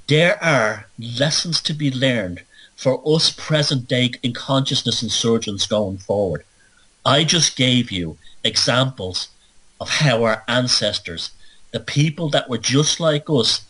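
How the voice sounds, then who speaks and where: A man hosts a solo podcast, talking in emphatic, sardonic rants. His voice is husky and sits at an average pitch. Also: bright, forceful tone, low-quality recording. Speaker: show host. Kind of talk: monologue podcast.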